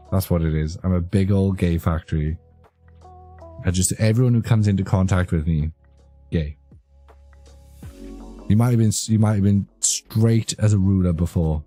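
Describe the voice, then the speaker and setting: Deep-voiced man rambling on stream. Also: normal speed, long pauses, dark tone. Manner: rambling, joking, easily amused. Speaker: streamer chatting with live chat. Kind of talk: casual live-stream chat. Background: faint background music.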